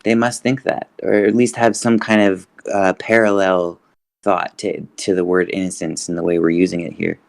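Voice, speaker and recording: A man's voice: low-pitched, little pitch movement, normal speed, vocal fry, no room sound. A man in a casual roundtable discussion, musing and hesitant as he thinks aloud. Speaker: roundtable guest.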